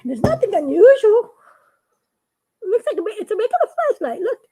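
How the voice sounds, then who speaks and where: A giggly woman with a very high voice chats at home in a casual vlog. She laughs almost nonstop, and her excited voice swings up and down as she talks. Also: brisk. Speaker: animator showing her work to fans.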